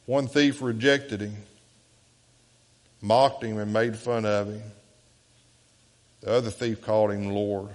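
A man's voice: fairly low pitch, steady tone, measured pace, pauses often. Preaching Southern man in a reverberant sanctuary. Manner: earnest preaching, swinging from loud appeals to hushed quotes. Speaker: pastor. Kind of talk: sermon. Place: church sanctuary.

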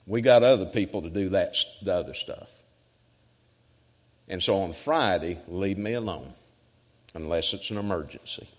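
A male evangelist preaching a sermon emphatically and rhythmically, swinging from loud to hushed. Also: low-pitched, normal speed, long pauses. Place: church sanctuary. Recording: church sanctuary with long reverb.

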